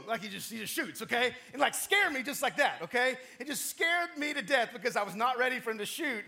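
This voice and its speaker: A bright, high-pitched man delivers a sermon as a pastor. He tells a story with a lively, widely swinging voice. His tone is chatty, and he keeps checking in with his congregation. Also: fast, few pauses. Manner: animated, conversational, keeps checking in with the audience.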